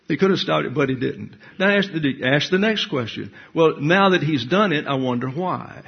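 A man's voice: fairly high pitch, animated, moderate pace, gravelly, breathy edge. A man preaching a Bible class sermon, blunt and teacherly, reading scripture verse by verse and explaining it. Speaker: pastor. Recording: dull lo-fi recording.

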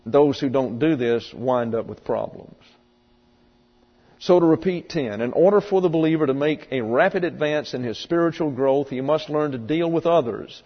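A man preaching a sermon, stressing key words slowly and asking rhetorical questions of a congregation. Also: on the high side. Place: church or lecture hall with congregation. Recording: dull sound with long hall reverb.

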